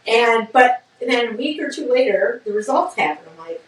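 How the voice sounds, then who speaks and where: A middle-aged woman tells her story as an interview guest, animated and quick to laugh. Her voice sits a little high. She is recorded from some distance, so the room rings around her. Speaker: business co-founder, guest. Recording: roomy sound from off-mic.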